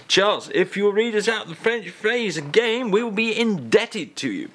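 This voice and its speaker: Lively, teasing male radio host. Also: high-pitched, a little hiss or hum. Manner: playful, teasing, quick asides. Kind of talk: comic radio banter.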